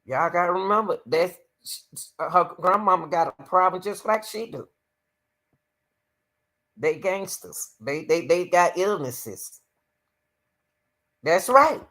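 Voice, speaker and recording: A woman commenting live on a court case speaks emphatically to her viewers, whom she calls "y'all," and often exclaims to the Lord. Her lowish, fairly bright voice is animated, slow and marked by long pauses.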